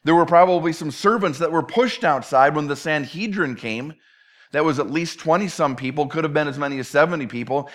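A male preacher with a fairly high voice teaches a sermon verse by verse. He keeps it conversational and drops in playful acted asides along the way. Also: fairly quick, fairly bright tone. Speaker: pastor.

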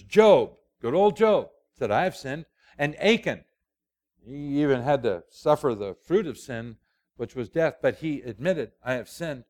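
Older man preaching a folksy sermon. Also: a little high. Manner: folksy, storytelling, with asides. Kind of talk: conversational sermon.

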